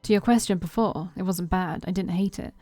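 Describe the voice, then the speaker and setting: A woman's voice: lowish voice, brisk, dark tone, faint music behind, natural voice. A woman voicing a grumpy, easily flustered young man while reading a visual novel aloud, with curt, grumbling lines. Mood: sulky.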